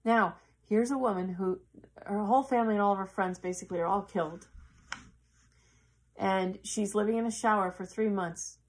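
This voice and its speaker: A woman in casual, earnest storytelling, halting and acting out the voices of the people in her story. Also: mid-range voice. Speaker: yoga teacher.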